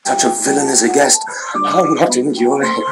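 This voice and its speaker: Actor as fiery young noble, indignant, clipped verse, heavy music bed. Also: male voice, medium pitch, moderate pace, lightly acted. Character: Tybalt, hotheaded young nobleman. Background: loud film score music.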